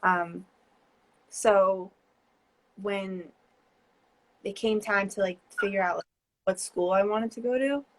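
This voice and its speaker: A woman's voice: medium pitch, rough recording. Young New Jersey woman, rambling chat. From New Jersey, USA. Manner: rambling, hesitant, many fillers and quick laughs. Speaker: guest artist. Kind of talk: casual chat.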